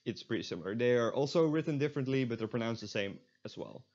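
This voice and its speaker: A man's voice: medium pitch, expressive, a little mellow, lo-fi sound. A man teaching a beginner's language lesson, patiently modelling sounds and repeating them, with wry asides. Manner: explanatory, repeats sounds slowly for learners, self-deprecating asides. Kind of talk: recorded online language lesson.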